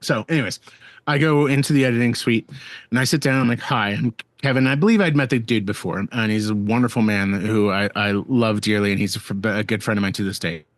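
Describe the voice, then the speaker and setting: A man guest on a podcast, telling a work story in a casual, animated and profane way, full of restarts, on a dry, close mic. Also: fairly low pitch, fast, dry recording.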